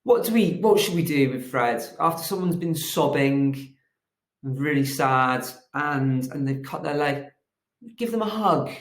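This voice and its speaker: A man teaching a phonics lesson to young children, telling a gentle, animated story. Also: a little high, creaky. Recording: echoey room.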